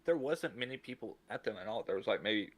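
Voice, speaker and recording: A man's voice: fairly low pitch, expressive, fast talker, a bit bright. A man with a Southern US drawl chatting casually and making dry, brief remarks. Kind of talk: casual chat.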